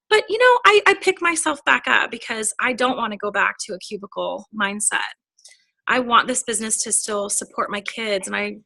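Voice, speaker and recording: Woman, 30s, upbeat trainer, bright and slightly high voice, dry close sound. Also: no room sound. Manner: chatty and upbeat, acts out quoted dialogue. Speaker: direct sales team trainer. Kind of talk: casual motivational training talk.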